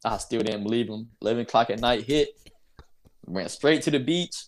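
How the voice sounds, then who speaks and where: A young man from North Carolina, a basketball player, telling a story as an interview guest in a casual, animated way, laughing and acting out the people in it. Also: mid-range voice, normal speed. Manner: animated, laughs while telling, acts out voices.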